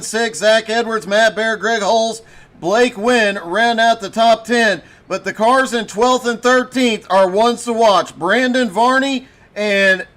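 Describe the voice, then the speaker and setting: A man doing brisk play-by-play commentary on a sim race, with a voice he says is giving out. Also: high voice, a bit bright. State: losing his voice.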